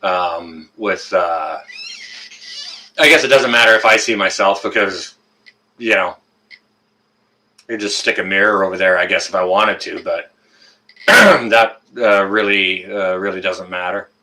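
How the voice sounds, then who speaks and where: A Canadian-accented man chats casually as host of a webcam live stream. He greets his viewers by name one after another. His voice sits low but has a bright, forceful edge. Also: unhurried, pauses often. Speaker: livestream host.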